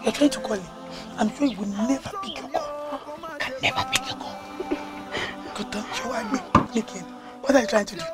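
An actress with a Yoruba-tinged Nigerian accent playing a pushy, gossiping friend. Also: female voice, sits high, brisk, long pauses, over loud music, natural voice. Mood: gloating. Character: gossiping meddlesome friend, adult woman.

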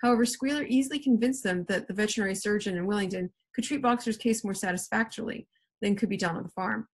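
Woman English teacher, expressive read-aloud, husky breathy tone, mid pitch. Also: quick pace. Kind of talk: reading a novel aloud to a class.

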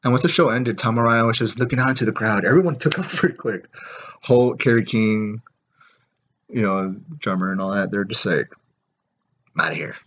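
A man telling a story in a rambling, excited way, with lots of fillers and swearing. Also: fairly low pitch, a little fast, highs cut off. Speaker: vlogger. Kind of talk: casual storytelling.

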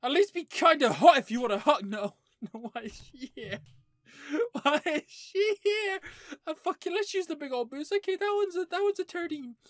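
A woman's voice: sits high, lively intonation, moderate pace, dry recording, clean studio sound. A young woman commentating her play of a horror game, panicking, laughing and swearing at it. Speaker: gaming YouTuber.

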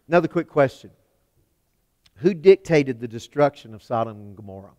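A man preaching a sermon in a church, emphatic, swinging from loud declarations to hushed lines. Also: medium pitch, expressive, unhurried, pauses often. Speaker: pastor. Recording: long hall reverb.

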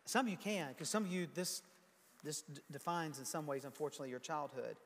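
A high-voiced male pastor delivers a sermon in a conversational way, reading scripture and stopping often to comment to his congregation. His voice carries a long reverb from a large church sanctuary. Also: animated, a little fast, a bit bright.

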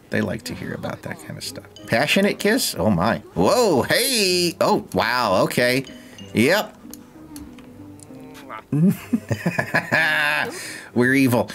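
A man's voice: medium pitch, gravelly, a bit bright. A young man streaming a life-sim game, with casual, sarcastic, jokey commentary and frequent swearing.

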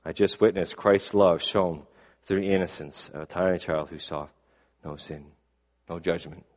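A man preaching a sermon, telling a story in measured tones that fall soft at the ends of lines. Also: deep voice, fairly even intonation. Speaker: pastor. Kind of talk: sermon with a read-aloud story. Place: church sanctuary. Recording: long reverb of a church hall.

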